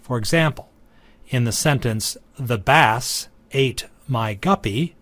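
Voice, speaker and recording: A man giving a recorded lecture, teaching in a measured, deliberate way. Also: medium pitch, a bit bright, dry recording.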